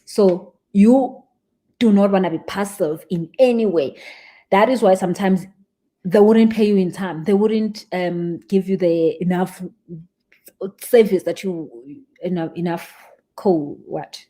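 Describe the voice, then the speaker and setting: A young woman coaching a live-stream audience, animated and emphatic, stressing points by repeating words. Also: mid-range voice, a little slow. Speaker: spiritual business coach.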